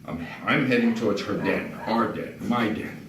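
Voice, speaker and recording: A man working as a dog trainer, calmly explaining and demonstrating while giving short commands to dogs indoors at a house. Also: on the low side, moderate pace. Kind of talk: instructional demonstration. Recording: roomy, distant mic with background noise.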